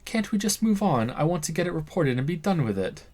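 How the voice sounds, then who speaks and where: A man's voice: fairly high pitch, sing-song, a little fast, darkish tone, voice pushed up. A man voicing a flustered amnesiac male cop who pleads and insists over the radio. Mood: exasperated.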